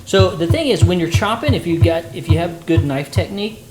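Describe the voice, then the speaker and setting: A playful, chatty man talks to his stream viewers while he cooks at home. His voice bounces around a roomy kitchen, and a sizzling pan is clearly heard behind him. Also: a little high, animated, a little fast, a little mellow, slight background noise. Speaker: livestreamer cooking dinner. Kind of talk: casual livestream chat while cooking.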